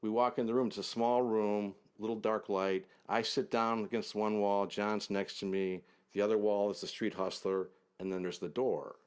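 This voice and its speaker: A low-pitched man from the United States recounts a travel story as an interview guest. He builds tension with short, punchy sentences and vivid detail. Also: little pitch movement, normal speed, few pauses, clear, resonant tone. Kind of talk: anecdotal storytelling.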